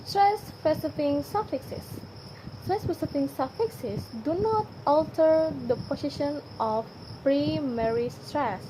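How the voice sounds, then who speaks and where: A woman's voice: sits high, slow. A young woman reading a class presentation, carefully pronouncing each word twice. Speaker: student presenter. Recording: noisy home recording with crickets. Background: crickets and insects.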